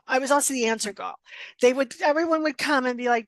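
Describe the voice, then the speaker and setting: This middle-aged woman coach speaks a little high and quickly, telling blunt, direct stories in a casual podcast interview. She acts out quoted lines, laughs frequently, and stays animated throughout, on a dry recording.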